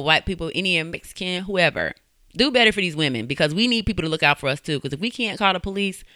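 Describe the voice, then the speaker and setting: A woman's voice: fairly low pitch, sharp tone, clean tone, no room sound, studio quality. Fiery, foul-mouthed woman podcast host. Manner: fiery, blunt, profane, laughing asides. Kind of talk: casual true-crime commentary.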